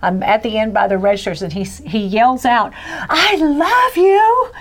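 A woman, a guest in a faith talk, telling her own story in a lively, chatty way with frequent laughter. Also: medium pitch, fairly quick. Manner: animated storyteller, laughs often, acts out voices. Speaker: guest sharing a faith testimony. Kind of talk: casual storytelling chat.

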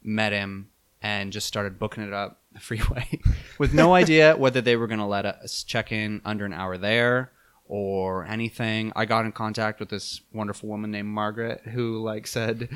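A young man telling a travel story in a casual chat, animated and laughing, with many fillers. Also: on the low side, normal speed, clear, resonant tone.

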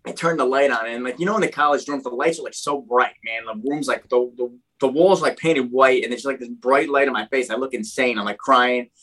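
Young adult man, animated, chatty guest recounting his past in a mid-range voice. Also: medium pitch, fairly quick, few pauses, poor audio. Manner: animated, heavy use of "like" and "dude". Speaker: guest telling his life story. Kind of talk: casual storytelling.

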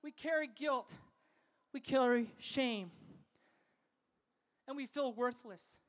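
A man preaching a sermon to a festival crowd, fervent and calling for responses, sometimes rising to shouts. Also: very high voice, takes it slowly.

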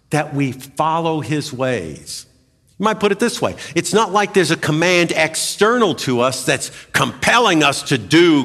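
A man preaching a sermon as a pastor, emphatic and animated, with dramatic swings in pitch. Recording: long hall reverb.

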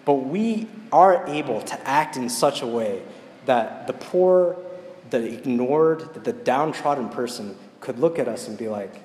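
A man's voice: mid-range voice, expressive, measured pace, darkish tone, slight background noise. A man giving a storytelling sermon and then a prayer, talking conversationally and often checking in with "right?". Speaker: preacher. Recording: echoey hall with long reverb.

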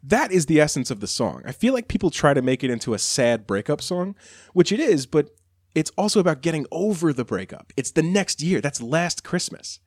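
A man's voice: a little high, big pitch swings, fairly quick, slightly rough, dry recording, clean studio sound. A man co-hosting a podcast, chatting casually and enthusiastically about songs. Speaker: podcast co-host. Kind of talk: casual chat.

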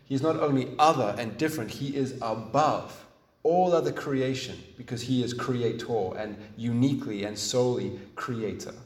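A man preaching a sermon in an earnest, emphatic way, restarting phrases and pausing as he thinks. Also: medium pitch. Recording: echoey room, mic at a distance.

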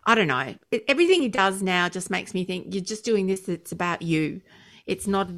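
A woman co-hosting a casual chat podcast, talking haltingly with many fillers. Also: mid-range voice, expressive, fairly bright tone. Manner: hesitant, lots of fillers and restarts. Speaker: podcast co-host.

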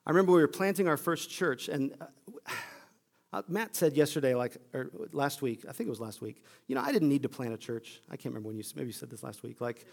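A man pastor giving a conversational sermon, telling the story in an animated way. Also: a little high.

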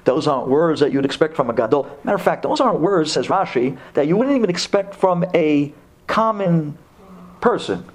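A man giving a sermon in an animated storytelling manner, dropping to low asides and rising to high exclamations. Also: moderate pace. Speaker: rabbi giving a Torah talk.

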